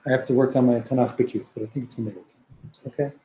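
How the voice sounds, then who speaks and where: A man's voice: mid-range voice, steady tone, racing, dull audio, a little hiss or hum. Man teaching a text class, echoey. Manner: reads Hebrew text then explains it, with frequent restarts. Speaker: Torah teacher.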